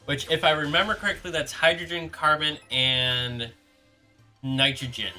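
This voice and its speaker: A young man with a very bright, forceful voice chats loosely on a live stream, often restarting his sentences as he answers viewers. Soft background music plays behind him. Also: a little high, steady tone. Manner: rambling, halting, reads chat aloud and answers. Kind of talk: casual live-stream chat.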